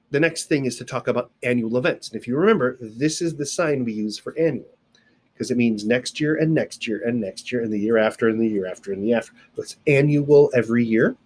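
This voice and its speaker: In a laid-back video lesson filmed solo indoors, a man who teaches sign language explains things one step at a time, adding playful sounds and side comments. He has a mid-range, slightly mellow voice.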